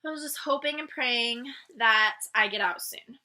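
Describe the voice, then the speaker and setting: A woman vlogger tells a personal story straight to her viewers in a casual, animated way. Her voice is very bright and sits a little high, and she acts out each line of dialogue as she goes. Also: normal speed.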